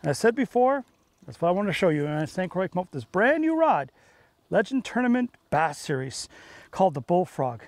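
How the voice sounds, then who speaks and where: A man hosting a fishing show from a boat on a lake, talking in punchy, excitable, salesy bursts. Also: high-pitched, a little fast, dry recording. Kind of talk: on-the-water fishing commentary.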